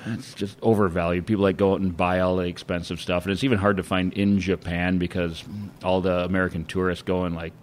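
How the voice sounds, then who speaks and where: A man in casual chat, talking in a relaxed, rambling way with many restarts. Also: low-pitched, fast talker. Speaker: podcast co-host.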